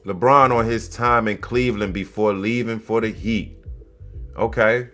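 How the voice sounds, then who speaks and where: A man hosting a comedy commentary show, animated and mocking, swinging between loud exclamations and low mutters. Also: measured pace, faint music behind. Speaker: host.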